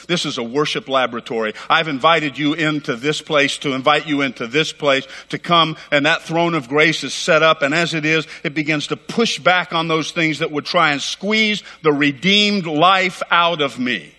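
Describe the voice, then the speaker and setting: A middle-aged man preaching a sermon as pastor, fervent and emphatic, talking rapidly and repeating phrases for weight. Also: fairly high pitch, pushed and bright. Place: church sanctuary. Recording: long hall reverb.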